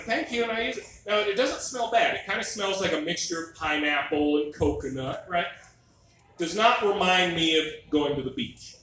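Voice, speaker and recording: A middle-aged man does stand-up on a club stage, his voice bright and fairly high as he spins wry, exasperated stories about family life. The sound is heavily echoey and picked up from some distance, with a faint room hum behind him. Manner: wry, exasperated storytelling with mock quotes. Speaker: stand-up comedian. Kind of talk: stand-up comedy set.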